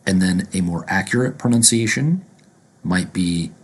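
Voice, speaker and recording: A man with a very low, husky voice. He explains like a patient teacher, drawing each word out at a slow, deliberate pace. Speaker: pronunciation teacher.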